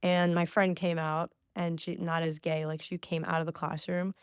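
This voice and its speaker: A woman's voice: lowish voice, level tone, moderate pace, clean tone, dry recording, studio quality. A woman in her twenties hosting a podcast, telling a personal story in a chatty, self-mocking way with lots of "like". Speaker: podcast host. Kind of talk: casual solo podcast storytelling.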